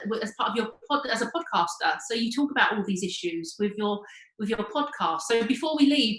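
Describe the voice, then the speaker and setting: A woman's voice: mid-range voice, a bit bright. A woman hosting a casual interview, encouraging her guest and restarting her sentences often. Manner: encouraging, many fillers and restarts. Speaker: host, interviewer. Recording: echoey room.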